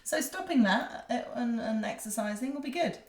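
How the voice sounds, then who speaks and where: A middle-aged woman co-hosting a podcast in casual chat, talkative and quick to laugh. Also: a little high, lively intonation. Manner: chatty, laughs often. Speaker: podcast co-host. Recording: echoey room.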